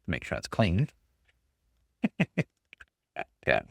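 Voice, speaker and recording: Animated rambling man tasting whiskey. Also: low voice, very slow, vocal fry, dry recording. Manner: rambling, animated, with chuckles and fillers. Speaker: podcast host. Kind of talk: casual whiskey tasting talk.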